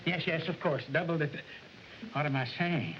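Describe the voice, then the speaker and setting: An actor playing a flustered record company boss who blusters and fawns in a 1940s film. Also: male voice, on the high side, moderate pace, natural voice. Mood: fawning. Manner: blustering, then fawning. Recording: dull old film soundtrack with hiss.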